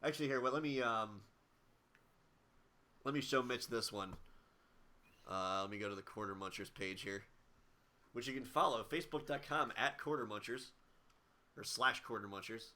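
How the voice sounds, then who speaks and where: A man co-hosting a casual gaming podcast, talking in a rambling way with a hoarse, strained throat. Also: mid-range voice, moderate pace, pauses often, sharp tone. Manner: rambling, lots of fillers and restarts. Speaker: podcast co-host. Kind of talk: casual chat.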